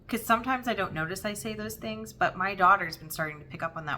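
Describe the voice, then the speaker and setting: Earnest, bright-voiced woman vlogger. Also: medium pitch, slight background noise. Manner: earnest, halting, emotional, with many restarts. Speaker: Flosstube host. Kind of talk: heartfelt personal vlog talk.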